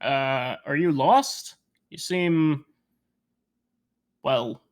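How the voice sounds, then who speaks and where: A man voicing a gruff male dwarf bartender who talks politely but warily. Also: a little high, very slow. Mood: wary.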